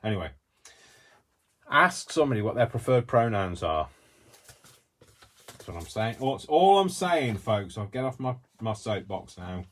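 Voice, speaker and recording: A man's voice: on the low side, big pitch swings, a little slow, pauses often. A man hosting a crafting video, chatting in a rambling, self-deprecating way as he works. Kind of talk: casual chat while crafting.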